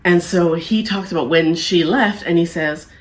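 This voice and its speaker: A woman's voice: on the low side, normal speed. A woman hosting a casual reality TV recap, talking in an exasperated, sarcastic way.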